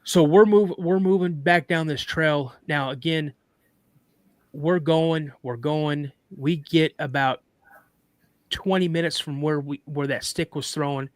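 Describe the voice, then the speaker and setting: A man guest on a podcast, casually telling a story in an animated way, acting out quoted dialogue and often restarting his sentences. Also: on the high side, takes it slowly, dry recording.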